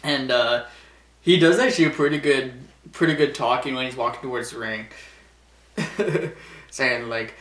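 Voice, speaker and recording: A man's voice: medium pitch, moderate pace, pauses often, a bit bright. A young man casually recapping a wrestling show, rambling, laughing often and acting out the wrestlers' lines. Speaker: wrestling vlogger. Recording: echoey room.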